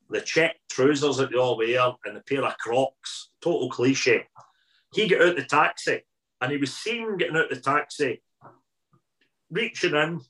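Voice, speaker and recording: Scottish man telling lively stories. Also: medium pitch, rough recording. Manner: lively storyteller, repeats phrases for emphasis. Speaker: interview guest, food columnist. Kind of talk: casual anecdotal storytelling.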